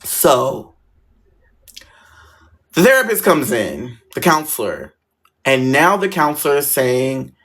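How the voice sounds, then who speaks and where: A young man telling a long personal story in a relaxed, conversational way. He slips into the voices of the people he quotes, lifting his voice and slowing down for effect, then drops back into easy narration. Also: mid-range voice. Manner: animated, acts out quoted voices. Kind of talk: casual storytelling.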